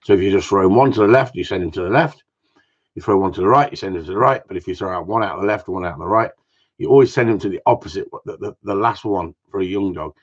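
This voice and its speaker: A man's voice: low-pitched, fast, breathy edge. A man from Cornwall, a gundog trainer, giving blunt, jokey advice in a casual live talk. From Cornwall, England. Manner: blunt, jokey, plain-spoken. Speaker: gundog trainer answering viewer questions. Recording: dull lo-fi sound.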